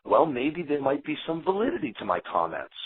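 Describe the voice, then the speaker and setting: A man's voice: on the high side, fairly quick, slightly rough, no room sound. A man, an eliminated contestant, telling his side in a heated interview and acting out what others said. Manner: animated, defensive storyteller acting out quotes. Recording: tinny phone line.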